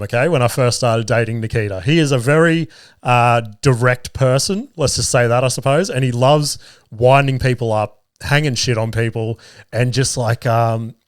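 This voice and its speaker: A man's voice: mid-range voice, no echo, clean studio sound. An Australian man in his thirties, hosting a podcast and telling family stories in a casual, sweary way, laughing often. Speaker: podcast host. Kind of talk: casual storytelling chat.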